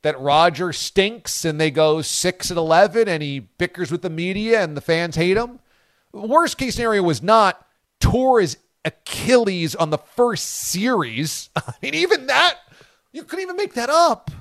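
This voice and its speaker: A male sports radio host riffs with incredulous, jokey energy, his pitch swinging widely as he talks. The studio sound is dry and close, with no room echo. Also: animated, a little slow, fairly bright tone. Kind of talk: sports talk radio banter.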